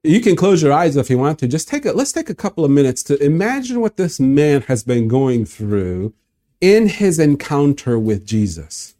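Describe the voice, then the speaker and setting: A male pastor retells a story in his sermon with animation, vividly inviting listeners to picture the scene. His voice is fairly high and moves at a moderate pace.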